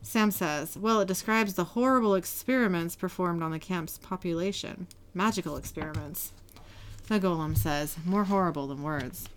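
A woman's voice: lowish voice, moderate pace. A woman on a casual podcast, retelling a TV episode scene by scene and reading the characters' lines aloud. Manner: reads character lines with brief voice shifts, laughs often. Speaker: podcast host narrating a TV episode.

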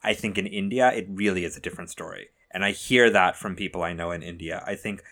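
Co-host, man with a lowish voice. Measured, gentle, thoughtful talk. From North America. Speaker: podcast co-host. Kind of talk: casual chat.

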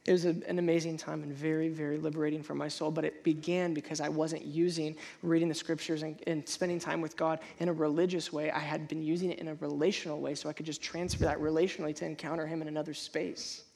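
Pastor delivering a lively sermon, mid-pitched voice, leaps upward when voicing doubts, stumbles and repeats words. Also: fast, gravelly, slightly rough. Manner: animated, jumps high to act out inner voices; repeats and restarts words while preaching.

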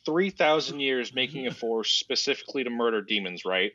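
A man's voice: medium pitch, animated, normal speed, pushed and bright, no echo, dull audio. A man casually recapping a book on a podcast, playfully acting out silly voices for the characters.

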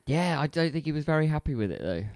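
A man's voice: a little high, very animated, fast, a little mellow, no room sound, studio quality. A man co-hosting a casual film podcast, chatty and upbeat. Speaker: podcast co-host. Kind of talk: casual chat.

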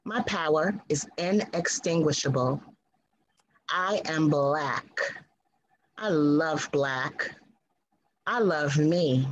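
A woman reciting her own poem over a video call in a measured, declamatory way. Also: low-pitched, muffled recording, a little hiss or hum. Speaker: poet. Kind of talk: spoken word poetry reading.

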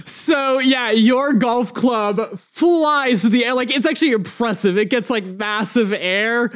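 A man's voice: very high voice, unhurried, a bit bright, clean tone. A young man narrating as game master in a rambling, casual way. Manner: rambling, casual, swears freely.

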